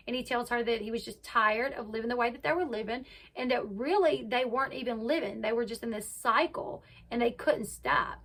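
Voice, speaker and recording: A woman's voice: a little high, pushed and bright. Chatty woman recapping reality TV. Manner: chatty retelling, acts out quotes. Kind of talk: casual recap narration.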